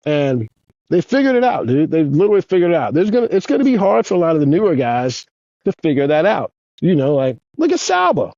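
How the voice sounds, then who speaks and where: A man chatting as a podcast guest, telling excited stories with lots of swearing. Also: fast talker, dry recording, highs cut off. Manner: excited storyteller, swears a lot, animated swings in pitch. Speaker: podcast guest, former pro skateboarder. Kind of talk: casual interview chat.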